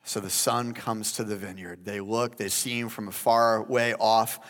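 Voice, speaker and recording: A man preaching a sermon as pastor, animated and addressing listeners as guys. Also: on the low side, measured pace. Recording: long hall reverb.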